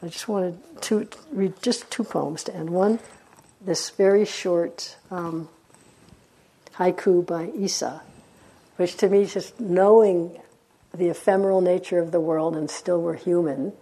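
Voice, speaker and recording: A woman meditation teacher giving a dharma talk in a gentle, unhurried way, with reflective pauses. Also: lowish voice, fairly even intonation, slightly rough.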